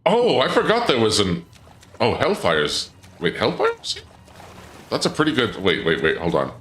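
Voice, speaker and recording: Low-voiced guy chatting through a game stream, kinda roomy sound, faint hum behind. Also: huge pitch swings, a little slow. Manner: chatty, thinks aloud, answers chat. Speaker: gaming streamer. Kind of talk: casual live-stream commentary.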